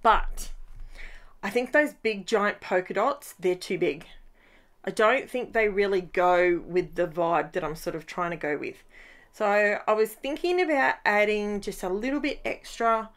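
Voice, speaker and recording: A middle-aged woman talks through her crafting project in a relaxed, rambling way. She chats to her viewers like friends while she works at her desk at home. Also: medium pitch, moderate pace. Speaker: scrapbooking channel host. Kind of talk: casual crafting tutorial talk.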